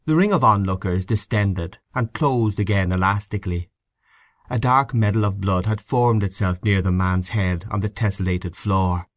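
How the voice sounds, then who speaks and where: Low-voiced man narrating a short story. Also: normal speed, dry recording. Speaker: audiobook narrator.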